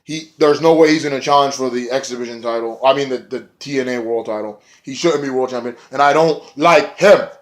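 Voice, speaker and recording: A man rambling through a casual wrestling recap in a vlog, excitable and often swearing. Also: medium pitch, a little fast, few pauses. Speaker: wrestling reviewer.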